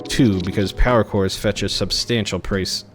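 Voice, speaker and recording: A man's voice: fairly low pitch, fairly even intonation, normal speed, music in the background, lightly acted. A man reading aloud the lines of a cold, haughty woman who runs a market, in a curt, dismissive manner. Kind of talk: reading game dialogue aloud.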